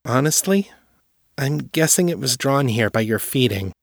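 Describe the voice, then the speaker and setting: A man reading aloud and voicing a calm, firm young woman telepath who explains and reassures steadily. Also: mid-range voice, normal speed, vocal fry, no room sound, studio quality, pitched above the performer's own voice. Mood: explaining.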